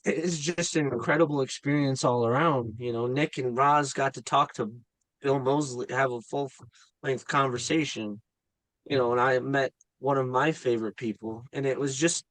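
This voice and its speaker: A man's voice: mid-range voice, normal speed, no room sound, poor audio. A man who acts in indie films, eagerly telling an anecdote with stammers and repeats. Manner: animated storyteller, stammers and repeats with excitement. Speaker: guest filmmaker and actor.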